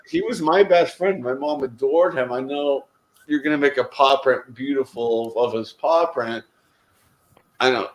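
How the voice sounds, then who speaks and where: A man's voice: mid-range voice, roomy sound, rough recording. A man in casual group conversation, telling a heartfelt story in a rambling way, often restarting his sentences. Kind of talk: casual chat.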